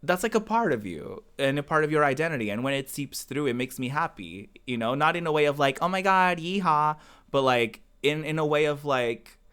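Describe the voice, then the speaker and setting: A man's voice: mid-range voice, animated, brisk, few pauses, a bit bright, clear, resonant tone. A man from the American South chatting casually on a game stream, rambling, restarting his sentences and answering his chat as he plays. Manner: talks back to viewer chat as he plays.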